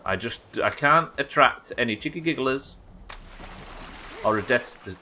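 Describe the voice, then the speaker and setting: Bright-voiced British man streaming a game. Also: mid-range voice, expressive, unhurried, slight background noise. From United Kingdom. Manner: rambling, swears a lot, chats with viewers. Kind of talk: live game commentary.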